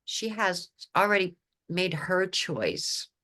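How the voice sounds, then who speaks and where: A woman's voice: lowish voice, expressive, slow pace, pushed and bright. A woman hosting a casual podcast chat, talking freely and often searching for words mid-sentence. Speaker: podcast host.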